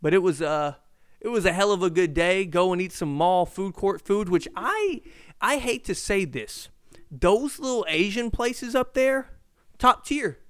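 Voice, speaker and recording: A man hosting a casual solo podcast, telling a story in an animated, profane way. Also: sits high, unhurried, smooth, no room sound, clean studio sound. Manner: animated, profane, shouts in reenactments. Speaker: podcast host. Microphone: podcast mic.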